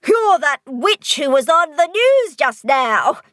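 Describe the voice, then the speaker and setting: Woman reading as a big shaggy monster mother, measured and wary, slightly raised pitch. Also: a bit bright, no echo, studio quality. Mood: startled.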